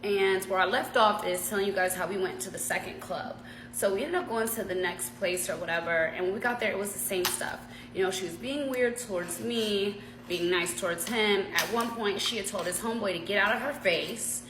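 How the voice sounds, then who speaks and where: A woman vlogger telling a story in a chatty, slangy, animated way. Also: medium pitch, a little fast, echoey room, background noise. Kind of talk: casual storytime.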